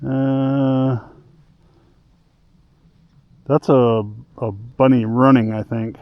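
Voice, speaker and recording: A man's voice: medium pitch, little pitch movement, extremely slow, clear, resonant tone, highs cut off. A man on a snowy farm talking playfully to his animals, teasing and scolding them like pets, on a small clip-on mic. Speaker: farm vlogger. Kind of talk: casual talk to farm animals. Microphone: small wireless clip-on mic.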